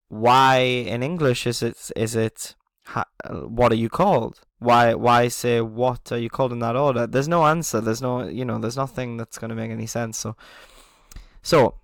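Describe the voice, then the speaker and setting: A male language teacher with a gravelly, creaky voice, recorded dry and close. He explains things patiently to beginners, keeps checking in with "okay?" and chuckles at his own asides. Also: medium pitch, no echo. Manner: chuckles at himself.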